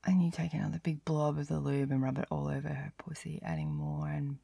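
A woman's whispered role-play, delivered as an intimate first-person narration. Her low voice has a heavy gravelly fry and lots of breath, sighing between lines. The sound is dry and close, with no room around it. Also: fairly even intonation, mellow, dry recording. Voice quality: breathy whisper with frequent sighs. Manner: slow, lingering, intimate first-person storytelling.

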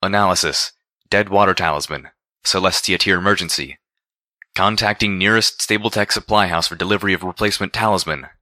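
Man voicing an automated security voice, dispassionate, low, bright, dry sound. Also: brisk, no room sound. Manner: flat, dispassionate announcements.

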